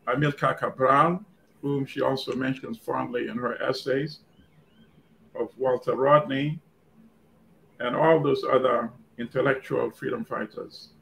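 A man co-hosting a panel discussion, speaking in a deliberate, reflective way. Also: mid-range voice, gravelly, a bit bright, a little hiss or hum, low-quality recording. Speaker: co-host and weekly radio host.

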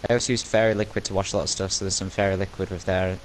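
A man's voice: low voice, flat delivery, racing, a little hiss or hum. A young British man in casual voice chat while gaming, telling a rambling story. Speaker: gamer.

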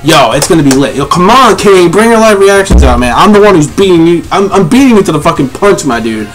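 Excitable, foul-mouthed man reacting live. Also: a little high, quick pace, soft background music. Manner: excitable, profane, yelling in bursts. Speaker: manga reviewer.

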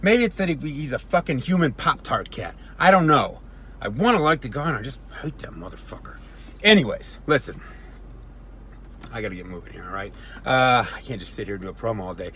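A man cutting a comedic wrestling promo from his parked car into a phone, swinging between mumbled asides and loud boasts. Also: lowish voice, lively intonation, fairly quick, husky. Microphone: phone camera.

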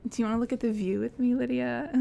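Fast and fairly high-pitched, her voice is gravelly with a dark tone. A young woman streaming a game, she chats and giggles through it, talking to the characters and to her chat.

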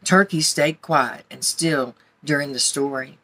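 A woman gently reading a children's picture book aloud to young listeners. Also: low-pitched, a little slow, slight background noise. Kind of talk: storybook read-aloud.

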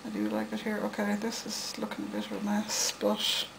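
A woman's voice: mid-range voice, completely flat delivery, a little fast, creaky, noisy background. A woman with a Dublin accent making soap and chatting casually, teasing and muttering as she works. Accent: Dublin Irish. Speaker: soap maker. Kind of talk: casual craft demonstration.

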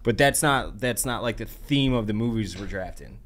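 A man's voice: fairly low pitch, animated, moderate pace, a bit bright. A man, a podcast regular, in casual crude banter with friends, swearing emphatically.

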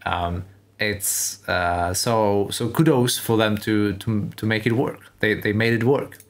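Low-voiced man thinking aloud in commentary. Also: steady tone, slow pace. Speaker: host reacting to a tech keynote. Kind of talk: casual commentary over video.

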